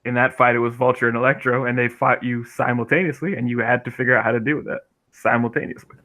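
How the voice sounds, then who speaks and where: A man's voice: medium pitch, level tone, fast, sharp tone. A man co-hosting a casual gaming podcast, explaining his views thoughtfully and at length. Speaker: podcast co-host.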